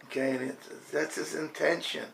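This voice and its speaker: A man with a fairly high voice rants with insistent emphasis, circling back to the same points and checking in with "okay?" as he goes. The sound is roomy and echoey. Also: steady tone, moderate pace, gravelly, fairly bright tone. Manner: emphatic, repetitive, keeps asking "okay?". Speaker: commentator. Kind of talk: impassioned political rant.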